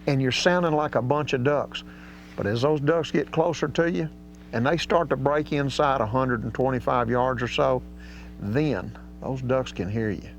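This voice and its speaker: Speaking at normal speed in a medium pitch, this man gives outdoor hunting instruction on duck calling, with faint music in the background. His delivery is folksy and drawling, his grammar casual, and the slightly dull recording carries a faint hum.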